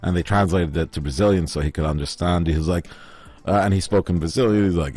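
A man's voice: low voice, fast, darkish tone, faint music behind. A man from Oman who co-hosts a radio show, telling rambling anecdotes in a casual, chatty way with many fillers. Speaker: radio host.

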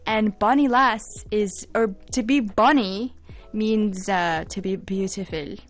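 A woman's voice: medium pitch, takes it slowly. A woman co-hosting a radio show in playful casual chat, giggling as she tries out dialect words. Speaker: radio co-host.

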